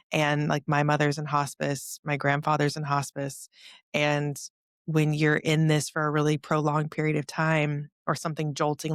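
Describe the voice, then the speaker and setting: A woman hosting a podcast, telling a personal story openly and emotionally, with frequent "like" and occasional throat clearing. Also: low voice, dry recording, clean studio sound. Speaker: podcast host. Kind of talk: heartfelt conversational storytelling.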